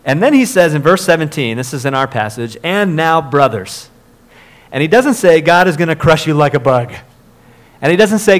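A man's voice: on the high side, fairly bright tone. Man preaching a conversational sermon. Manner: conversational preaching with filler words and restarts, rising emphasis on key points. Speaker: pastor.

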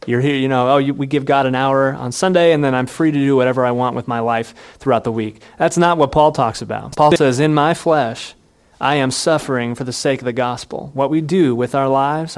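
A man in the middle of a sermon, speaking at an ordinary mid pitch. He talks earnestly and conversationally. He jumps his voice up when he acts out the people in his story. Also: normal speed. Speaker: pastor.

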